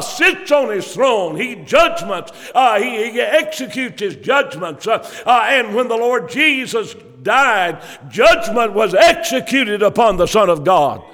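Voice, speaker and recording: A man's voice: high-pitched, fairly bright tone. A man preaching a sermon and quoting scripture in old King James wording, with fervent, rising emphasis. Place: church. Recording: long church reverb.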